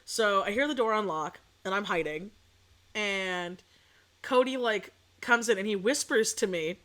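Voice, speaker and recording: A woman's voice: mid-range voice, moderate pace, fairly bright tone. A young adult woman telling a story in a casual, chatty way as a streamer. She swears freely and acts out what people said. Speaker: VTuber streamer.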